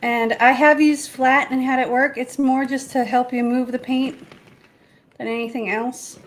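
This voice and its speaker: High-voiced woman, chatty live paint-demo host, self-teasing. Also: fairly even intonation, measured pace, poor audio. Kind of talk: casual live-stream demo chat.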